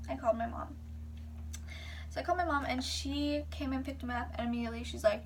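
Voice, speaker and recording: A woman's voice: fairly high pitch, a little fast, distant mic, a little hiss or hum. A young woman vlogger rambling casually through a personal story, full of "like"s and whispered asides.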